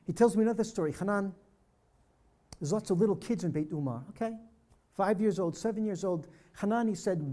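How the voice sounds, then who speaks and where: Older man telling a story, mellow voice. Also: sits high, a little fast. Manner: vivid storyteller acting out dialogue. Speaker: speaker at a peace dialogue presentation. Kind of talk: personal storytelling talk. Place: church hall presentation.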